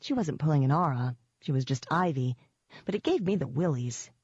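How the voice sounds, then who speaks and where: A woman narrates a novel in the first person, her low, deep-set voice even and wry, fairly quick, with a breathy edge. The audio is dry with no echo or room sound, and it comes across slightly dull and lo-fi.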